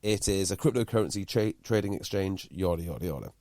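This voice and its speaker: A man's voice: low voice, expressive, quick pace, warm tone, dry recording, clean studio sound. A man, a podcast host talking casually and explaining a point at length. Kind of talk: casual chat.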